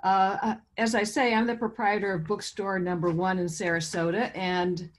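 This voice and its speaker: A woman's voice: mid-range voice, level tone, moderate pace. A woman who owns a bookstore, hosting and introducing poets at a reading held over video call, in a chatty, informal manner. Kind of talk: introducing a virtual poetry reading.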